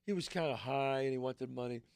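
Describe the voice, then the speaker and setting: Gravelly older man telling a story. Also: a little fast, darkish tone, dry recording. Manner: acts out the people in his stories, voice jumping high. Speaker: guest, actor. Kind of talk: animated storytelling.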